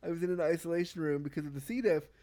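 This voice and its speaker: A man as a podcast guest, telling a story in casual conversation, animated and often repeating and restarting words. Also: on the high side, very fast. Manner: animated, acts out quoted exchanges.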